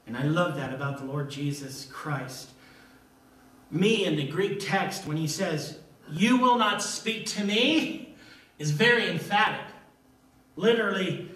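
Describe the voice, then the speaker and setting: Heard from afar in a reverberant church sanctuary, an older man delivers a sermon with a high, bright, forceful voice. He hammers home his main points by repeating them.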